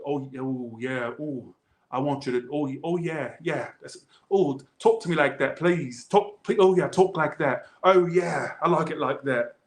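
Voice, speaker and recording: A man putting on a drawn-out, pleading, sultry voice as a caller on a sex hotline. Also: on the high side, echoey room.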